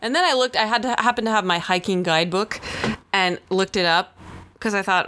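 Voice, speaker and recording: Woman, casual phone chat, chatty, laughs a lot, bright voice. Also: medium pitch, fairly quick. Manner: chatty, laughs often, acts out little voices.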